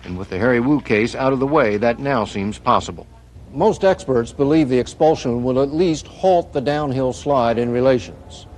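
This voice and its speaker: A man narrating a television news report as a correspondent, in a steady, even manner. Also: medium pitch, moderate pace, slight background noise.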